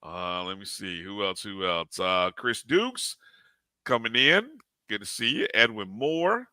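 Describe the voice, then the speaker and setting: A man's voice: on the low side, animated, unhurried, bright, forceful tone, clean tone, no echo. A man co-hosting a live sports talk show, animatedly greeting chat viewers one by one by name.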